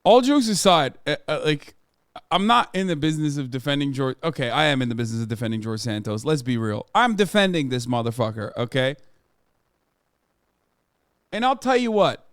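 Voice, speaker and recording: Sarcastic streamer man, smooth voice. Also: medium pitch, lively intonation, fairly quick, no room sound, clean studio sound. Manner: joking, sarcastic, swears a lot. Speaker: streamer reacting to news. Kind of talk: casual live-stream commentary.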